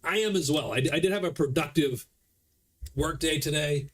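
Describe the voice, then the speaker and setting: A man's voice: on the high side, moderate pace. A man casually commenting as he plays a board game solo, explaining the rules as he goes. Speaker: board game player streaming a solo playthrough.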